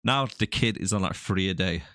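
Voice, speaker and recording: Male co-host, low voice, dry close sound, joking and teasing banter. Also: a little fast, pushed and bright, no echo. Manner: jokey, teasing, laughs often. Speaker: podcast co-host. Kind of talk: casual banter.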